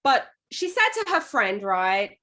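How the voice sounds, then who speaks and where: A woman's voice: mid-range voice, very animated, measured pace, pushed and bright. A woman co-hosting a casual podcast about a book, retelling it at length. She talks conversationally and keeps dropping in "you know" as she goes. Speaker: podcast co-host.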